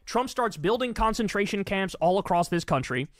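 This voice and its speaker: A high-voiced man presses his side of a political argument, emphatic and sweary. The sound is dry and close. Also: animated, normal speed, no echo. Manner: emphatic, profane. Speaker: debate participant.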